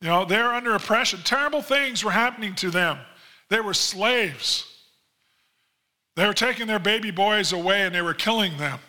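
A man preaching a sermon as pastor, in a conversational style with frequent asides, acting out quoted voices animatedly. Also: normal speed. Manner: animated storytelling, acts out quoted voices with big pitch jumps; conversational, many "you know" asides.

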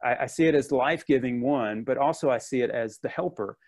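A man's voice: medium pitch, a little fast, a little mellow. Male pastor, mid-range voice, earnest casual sermon delivery. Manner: earnest, conversational with fillers and restarts. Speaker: preacher.

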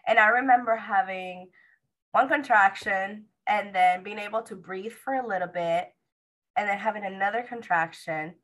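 A woman's voice: medium pitch, poor audio. Chatty woman retelling her birth story. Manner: animated retelling, acts out quoted dialogue. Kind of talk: casual storytelling to viewers.

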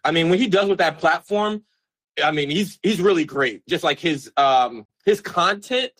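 A man's voice: fairly high pitch, expressive, normal speed, fairly bright tone. Easygoing man in casual sports chat. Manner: easygoing, agreeable, with short affirmations. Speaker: podcast co-host.

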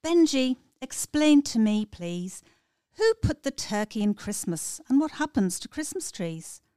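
A curious young talking turkey, friendly and quizzical, put on by a woman reading a poem. The voice sits noticeably higher than her own and is recorded close and dry in a studio. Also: sing-song, measured pace, dark tone, clear, resonant tone, dry recording. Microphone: studio microphone, dry room.

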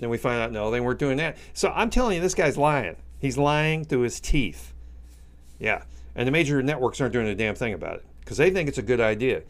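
A man's voice: mid-range voice, animated, brisk. A man hosting opinionated news commentary, ranting heatedly with frequent stammering restarts. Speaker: political commentary host.

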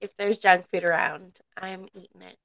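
A woman's voice: on the low side, steady tone, moderate pace, gravelly, a bit bright. A woman co-hosting a podcast, agreeing and chatting in an easygoing way. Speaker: podcast co-host. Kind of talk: casual chat.

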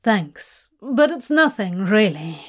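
A woman's voice: mid-range voice, very animated, slow. A woman voicing Crowley, a guarded young man who gives short, cautious replies, in a fanfic reading.

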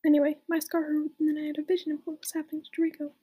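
A woman's voice: high voice, monotone, rapid-fire, mellow. A young woman reading a fan story aloud in a whispery voice, with amused asides. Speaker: reader.

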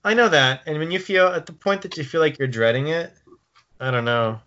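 A man hosting a podcast in casual chat, relaxed and rambling, laughing often. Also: fairly high pitch, a little fast, background noise. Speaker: podcast host. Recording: dull lo-fi sound.

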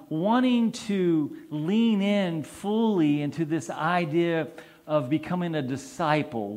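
A man, a priest, preaching a conversational sermon and asking his congregation questions. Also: fairly high pitch.

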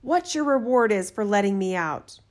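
A woman voicing a huge, haughty male spirit from a bottle in a storybook reading, speaking slowly and menacingly. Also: lively intonation, close to an everyday voice. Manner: slow, booming, haughty.

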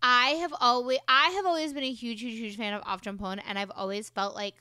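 A woman's voice: fairly high pitch, steady tone, brisk, bright, forceful tone, clear, resonant tone, dry recording, clean studio sound. A young woman co-hosting a casual podcast chat, gushing and saying "like" constantly. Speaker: podcast co-host.

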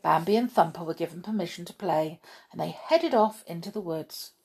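A woman reading a children's story aloud in a gentle, chatty way, asking the listener questions. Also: fairly low pitch, moderate pace, gravelly, husky.

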